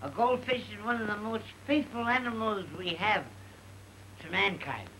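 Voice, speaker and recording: A man playing a rambling, sentimental comic storyteller in a 1930 film comedy sketch, halting and mock-tearful. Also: high voice, bright, forceful tone, a little hiss or hum, rough recording.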